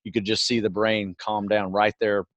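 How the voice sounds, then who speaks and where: A middle-aged man co-hosting a podcast, explaining things in a relaxed, casual way and often adding "you know" and "right". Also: on the low side, moderate pace, dry recording, highs cut off. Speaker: podcast co-host.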